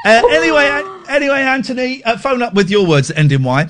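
Animated man hosting radio. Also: very high-pitched, fast talker, few pauses, slight background noise. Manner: candid, self-deprecating, rambling with restarts. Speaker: radio host. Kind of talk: late-night radio phone-in chat.

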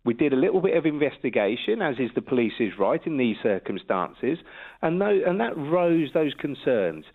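A man's voice: medium pitch, big pitch swings, normal speed. A man, a police detective superintendent, giving an earnest, official phone interview. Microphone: telephone. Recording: tinny phone line.

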